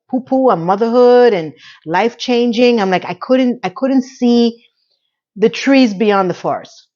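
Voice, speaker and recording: A woman's voice: fairly low pitch, darkish tone, dull audio. Chatty woman recapping a TV episode. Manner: chatty, acts out characters' lines in quotes; rambling with personal asides. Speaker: TV series recap reviewer. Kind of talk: casual spoken episode recap.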